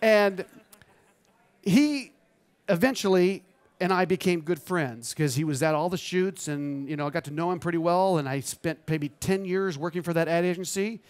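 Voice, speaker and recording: A man in his fifties, a photographer giving an animated, motivational storytelling talk on a trade show stage. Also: fairly high pitch, brisk, clean tone. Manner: animated, acts out quoted dialogue.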